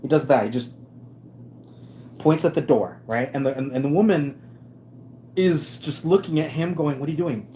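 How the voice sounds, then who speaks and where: Man, stream host, casual rant, sarcastic, emphatic, restarts, warm mellow tone, faint background noise. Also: fairly high pitch, normal speed, long pauses. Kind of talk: casual ranting commentary.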